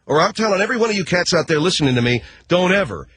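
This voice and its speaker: A middle-aged man telling a story on the radio in an animated, slangy way. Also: high-pitched, rapid-fire, breathy edge, no room sound. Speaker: radio host. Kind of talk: storytelling monologue.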